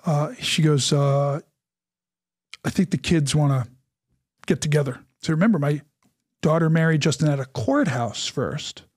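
A middle-aged man telling a story as an interview guest, animated and acting out the voices of the people in it. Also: on the high side, a little slow, pauses often, no room sound, studio quality. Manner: animated, acts out quoted dialogue.

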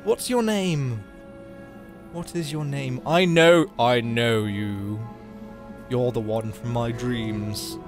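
A man doing a slow, solemn impression of a stately older male stage actor, with game music behind him. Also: medium pitch, pitched below the performer's own voice, close to an everyday voice.

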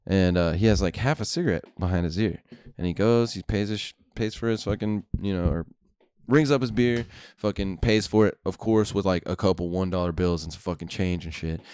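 Brief: young man, low voice, dry close sound, profane and rambling podcast host. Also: fairly quick, darkish tone, smooth, dry recording. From Houston, Texas. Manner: profane, laid-back rambling with laughs. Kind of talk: casual storytelling chat.

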